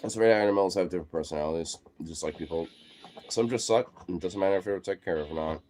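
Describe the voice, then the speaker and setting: This creator speaks fast in a low-pitched voice while casually reacting to footage of his dogs. Expect excitable baby talk aimed at the pets, sudden laughter, and relaxed swearing throughout.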